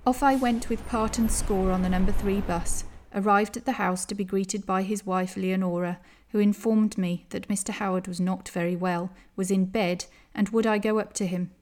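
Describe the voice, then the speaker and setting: A woman reading a first-person memoir aloud in a measured, careful way. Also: medium pitch, fairly even intonation, darkish tone.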